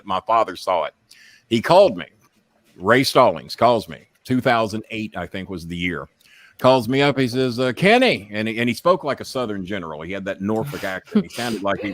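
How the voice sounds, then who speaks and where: A man's voice: low voice, no echo. Impassioned, profane man telling stories. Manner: profane, impassioned, animated when ranting. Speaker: podcast guest. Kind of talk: candid storytelling.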